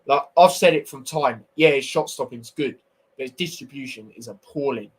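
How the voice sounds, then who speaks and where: A man's voice: mid-range voice, moderate pace, slightly rough, poor audio. A young man hosting a casual football review stream, blunt and opinionated with slangy banter. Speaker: football podcast host.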